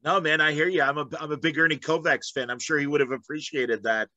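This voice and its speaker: A man's voice: fairly high pitch, steady tone, fast talker, bright, forceful tone, no echo, highs cut off. A man hosting an interview podcast, chatting casually and agreeing eagerly. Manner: enthusiastic, agreeable, "man" tags. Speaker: podcast host.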